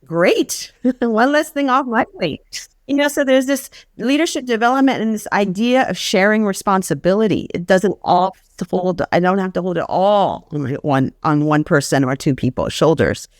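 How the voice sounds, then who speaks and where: A woman's voice: fairly low pitch, normal speed, few pauses, darkish tone, no echo, studio quality. A woman guest talking casually and earnestly about a sabbatical grant program, telling stories and acting out the people she quotes. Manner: earnest storytelling, acts out quoted voices. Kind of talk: casual conversation.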